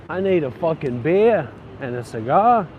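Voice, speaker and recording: A man's voice: on the high side, phone-quality sound, slight background noise. A man vlogging while walking city streets, ranting in a frustrated, profane way. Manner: frustrated, swearing, grumbling.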